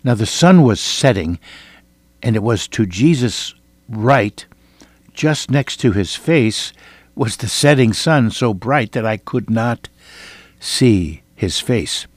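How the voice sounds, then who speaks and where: An older man from Iowa preaching a sermon, telling a personal testimony with earnest, dramatic swings between loud and hushed delivery. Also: mid-range voice, animated, slow, no room sound. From Iowa, United States.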